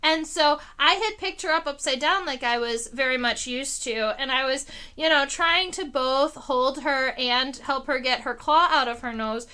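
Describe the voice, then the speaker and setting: A woman's voice: moderate pace, few pauses. A young woman hosting a casual home livestream, telling a story about her pets in a chatty way, with many fillers. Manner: animated, pitch rising on exciting parts. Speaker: entomologist streamer. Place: home living room.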